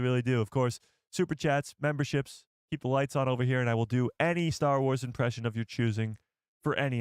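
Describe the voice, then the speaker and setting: A livestream host rambles loosely, thinking out loud as he responds to chat and searches for things. His clear, resonant voice sits at an ordinary middle pitch, recorded dry with no room echo.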